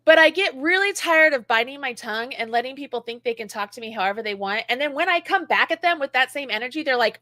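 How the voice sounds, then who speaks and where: An animated middle-aged woman from the United States co-hosts a casual live-stream chat. Her voice sits high and bright, and the sound is close and dry, with no room around it. She often jumps up in pitch to mimic people. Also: quick pace, few pauses, no echo. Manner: animated, acts out quoted critics in a high voice. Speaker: co-host, knitting and crochet designer.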